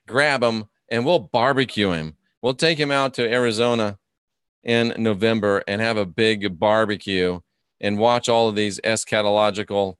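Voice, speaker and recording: Low-voiced man ranting mockingly. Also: fairly bright tone, clear, resonant tone, dry recording, studio quality. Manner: mocking, combative, reads chat comments aloud. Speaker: host of a live stream. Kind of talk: ranting live-stream commentary.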